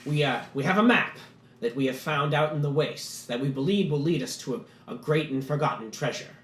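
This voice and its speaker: A man's voice: a little high, brisk, close to an everyday voice. A man voicing a nervous male dwarf who stammers and stumbles over his words as he pleads politely, in an echoey room. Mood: nervous pleading.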